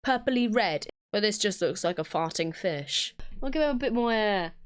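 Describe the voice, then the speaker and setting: A woman's voice: medium pitch, animated, normal speed, clear, resonant tone, no echo. A young British woman at home giving casual, self-mocking commentary while she draws, thinking aloud and giggling. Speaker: drawing video creator.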